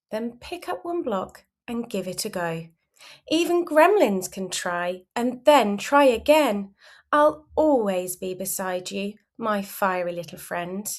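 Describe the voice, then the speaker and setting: A woman reading a rhyming children's story aloud in a gentle, expressive, sing-song way. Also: medium pitch, slow. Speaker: storybook reader. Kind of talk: children's read-aloud in rhyme.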